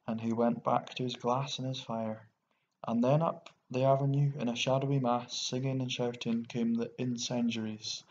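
A man with an Irish accent narrating a short story in a steady, even way. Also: medium pitch, normal speed. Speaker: audiobook narrator. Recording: dull lo-fi recording with faint hiss.

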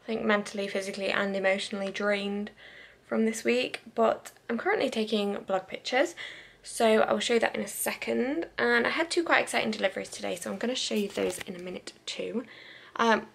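A woman's voice: medium pitch, brisk, gravelly, fairly bright tone. A British woman vlogging at home on her sofa, chatty and rambling, laughing at herself as she goes.

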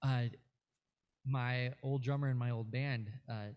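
A man's voice: mid-range voice, steady tone, measured pace, highs cut off. A man appearing as a guest musician, telling a rambling story in casual interview chat, full of fillers and restarts.

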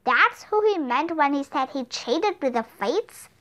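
A woman's voice: sits high, animated, a little slow, a bit bright, muffled recording. A woman reading a storybook, voicing a cautious, questioning young boy. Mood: puzzled. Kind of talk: storybook read-aloud.

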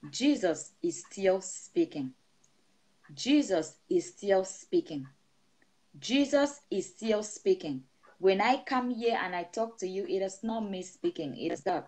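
Woman pastor, middle-aged, sermon, emphatic, repetitive blessing cadence, mid-pitched voice. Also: animated, measured pace, darkish tone. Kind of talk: sermon blessing over an online broadcast. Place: seated indoors.

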